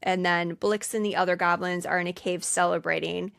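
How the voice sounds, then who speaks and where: A woman's voice: on the low side, level tone, a little fast, creaky, a bit bright, smooth. A woman co-hosting a podcast, recapping a film in a casual, chatty way with lots of fillers. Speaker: podcast co-host. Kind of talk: casual movie recap chat.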